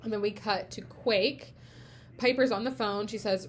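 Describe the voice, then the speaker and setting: A woman's voice: medium pitch, fairly even intonation, normal speed. A woman hosting a podcast, retelling TV scenes in casual chat, often saying "like". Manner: retells scenes with frequent "like" fillers. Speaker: podcast host.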